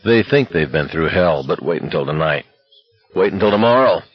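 A man voicing a quietly confident, eerie young male walker who speaks calmly. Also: slightly rough, dry recording, muffled recording, faint music behind. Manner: calm, low, measured.

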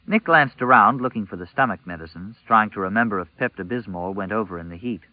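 Low-voiced male audiobook narrator. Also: expressive, quick pace, no room sound, phone-quality sound. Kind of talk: scripted novel narration.

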